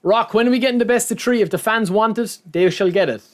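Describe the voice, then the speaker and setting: A man with a slightly high voice chats casually on his live stream. He keeps calling his viewers lads and man, thanking them as he goes. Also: quick pace. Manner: chatty, says lads and man often.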